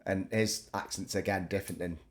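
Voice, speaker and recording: A man's voice: low-pitched, fairly even intonation, brisk. A man from England, a tattoo artist, chatting casually in a jokey, easygoing way. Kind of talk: casual chat.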